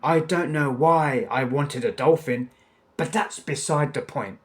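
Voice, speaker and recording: A man's voice: on the high side, a little slow, close to an everyday voice. A man voicing a haughty, imperious middle-aged villainess who barks and scolds, in a storybook reading.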